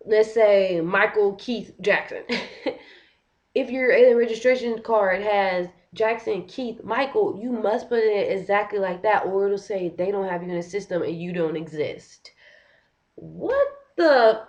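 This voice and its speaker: A young woman venting on a casual vlog, talking in an animated, frustrated way and filling her sentences with "like". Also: fairly low pitch, dull audio. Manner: frustrated, animated, heavy use of "like". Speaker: vlogger. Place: living in Korea.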